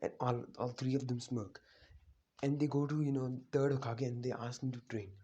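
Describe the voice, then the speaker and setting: Husky man casually retelling a fan story. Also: medium pitch, level tone, moderate pace, warm tone. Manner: rambling, full of "you know" and "like"; loose, unpolished delivery with restarts.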